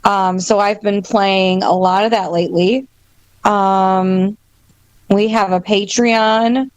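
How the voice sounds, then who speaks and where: Slow-talking Wisconsin woman guest. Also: mid-range voice, smooth, dry recording. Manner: relaxed, laughs often, says um a lot. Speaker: band member, guest. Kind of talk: casual chat.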